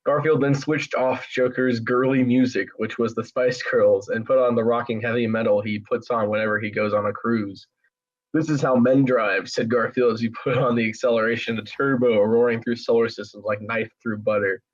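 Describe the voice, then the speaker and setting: Deadpan man reading fan fiction aloud. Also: mid-range voice, fairly quick, few pauses, muffled recording. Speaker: podcast host.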